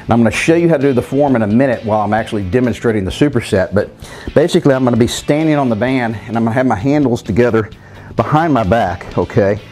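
A man with a medium-pitched, slightly mellow voice and lively intonation talks fast as he coaches a home workout. Addressing viewers as "guys," he explains the exercises directly to them and counts the reps out loud.

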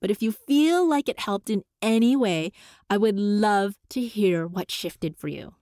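Animated woman podcast host. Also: mid-range voice, measured pace, no echo, clean studio sound. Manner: encouraging, animated, playful voice shifts. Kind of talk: solo podcast coaching talk.

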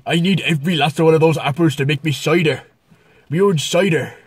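A man's voice: a little high, brisk, slightly rough, no echo. Man doing a grumpy Cornish countryman, scolding and raised. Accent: Cornish put on. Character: grumpy Cornish man guarding his apples.

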